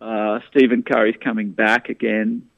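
A man's voice: fairly low pitch, moderate pace, vocal fry, dry recording. Man storytelling over a phone line. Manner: animated storyteller, frequent restarts. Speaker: comedian guest. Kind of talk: casual radio interview.

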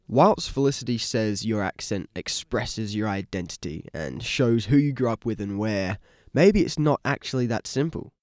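A man's voice: on the low side, expressive, moderate pace, a little mellow, no room sound. A man co-host narrating a scripted audio feature in a curious, playful way.

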